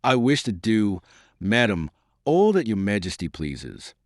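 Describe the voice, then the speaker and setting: A man reading the lines of a smooth, scheming cardinal in an audiobook. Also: lowish voice, very animated, a little slow, dry recording, clean studio sound.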